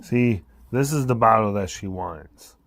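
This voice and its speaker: A man's voice: fairly low pitch, a little slow, fairly bright tone, dry recording. Man teasing his dog. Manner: teasing, doting baby-talk to a dog. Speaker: woodworker, dog owner. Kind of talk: casual talk to a pet.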